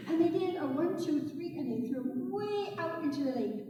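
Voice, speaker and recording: A woman storyteller telling tales to schoolchildren, animated and speaking directly to the kids. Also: very high-pitched, normal speed. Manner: animated, addresses the children directly. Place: school hall or stage. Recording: echoey hall from far off.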